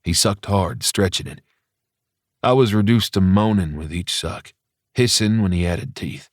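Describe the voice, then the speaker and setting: Male audiobook narrator, deep low voice, dry close studio sound, even first-person telling. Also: a little slow, no echo.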